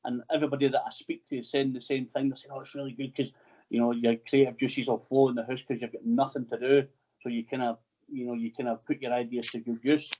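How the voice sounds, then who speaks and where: A chatty, teasing man hosts a relaxed interview and swears freely. His voice sits in a middle register, and the sound is dull and lo-fi, like an online call. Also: mid-range voice, quick pace. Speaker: podcast host. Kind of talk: casual interview chat.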